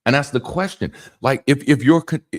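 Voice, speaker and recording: A man talking to camera in a casual spoken monologue, animated, with rhythmic emphasis and frequent restarts and asides. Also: medium pitch, moderate pace. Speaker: YouTube commentator.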